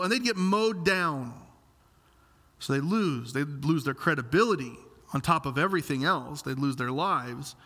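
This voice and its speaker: A man preaches in a lively, explanatory style, reading and unpacking scripture for his congregation. His voice is bright and forceful, sitting a little high for a man. The sound rings with the long reverb of a large hall. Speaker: pastor. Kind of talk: expository sermon.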